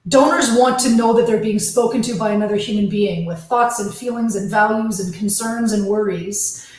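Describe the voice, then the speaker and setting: A woman with a Canadian accent co-hosting a casual book chat, outspoken and opinionated, with quick asides. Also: medium pitch, a little mellow. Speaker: podcast co-host. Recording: very echoey room.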